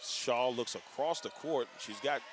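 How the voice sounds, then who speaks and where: A man doing live radio play-by-play for a basketball game, measured and easygoing, chuckling between calls. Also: medium pitch, slight background noise.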